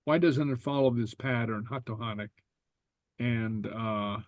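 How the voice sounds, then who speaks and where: Male language teacher, very slow delivery, lots of fillers and okays, dry close sound. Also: medium pitch, dry recording. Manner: halting, many fillers and repeated okays. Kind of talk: relaxed online class explanation.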